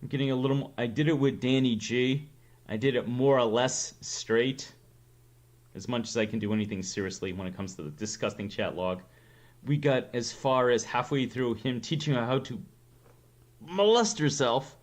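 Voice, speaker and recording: A man's voice: medium pitch, moderate pace. A man with a New England accent chatting casually to his stream viewers, rambling and joking at his own expense. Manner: rambling, joking, self-deprecating. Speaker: streamer host.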